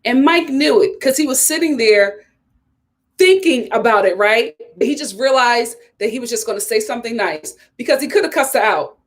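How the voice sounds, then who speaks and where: A woman's voice: on the high side, lively intonation, moderate pace. A young woman giving a casual, sassy recap of a reality TV episode, often talking straight to the people on screen. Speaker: reality TV reviewer.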